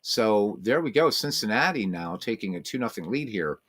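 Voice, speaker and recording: With an expressive voice at a moderate pace, a man does casual mock-announcer calls for a tabletop baseball game. Between plays he coos at his cats in a high voice.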